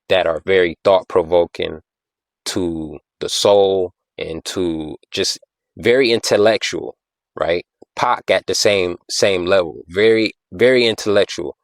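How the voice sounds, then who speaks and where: A man's voice: deep voice, creaky, no room sound. A man hosting a podcast, talking casually and explaining things, often repeating himself and asking "you know what I'm saying?". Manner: taps out rhythms with "da da da". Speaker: podcast host.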